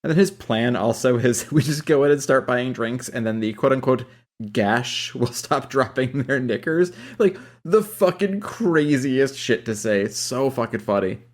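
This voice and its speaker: A man's voice: mid-range voice, expressive, moderate pace. A man co-hosting a podcast in loose casual chat, swearing freely and laughing as he reacts to the episode. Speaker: podcast co-host.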